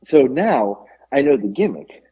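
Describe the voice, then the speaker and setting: Husky-voiced man telling a story. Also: medium pitch, unhurried, highs cut off. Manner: animated storyteller, laughs often. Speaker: podcast co-host. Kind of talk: casual chat.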